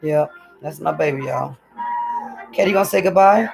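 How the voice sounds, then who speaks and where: A woman's voice: low voice, normal speed, vocal fry, darkish tone, faint music behind. A woman chatting casually to her viewers from home on a hot day. She rambles from one thing to the next and keeps calling the audience y'all. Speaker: vlogger.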